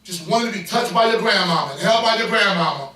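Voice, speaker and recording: A middle-aged man preaches a sermon in a high, bright voice that builds into loud bursts as he calls out to his congregation. He is caught from across the sanctuary, with a heavy ring of the church room around every word. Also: animated, fast talker. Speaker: pastor. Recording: echoey church from far off.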